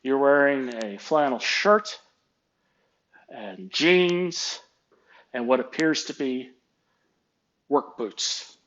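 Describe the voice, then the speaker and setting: A man's voice: medium pitch, animated, drawn-out words, pauses often, fairly bright tone. A man putting on the voice of a smug, condescending male HR manager, patronizing and scolding, on a dull lo-fi recording.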